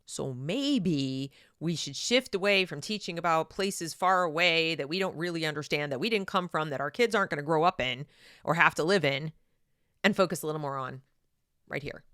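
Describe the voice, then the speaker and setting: An opinionated woman delivering a sarcastic commentary monologue. Her voice sits low but cuts bright and forceful. The recording is dry and close, with no room sound. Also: lively intonation, normal speed, dry recording. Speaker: channel host.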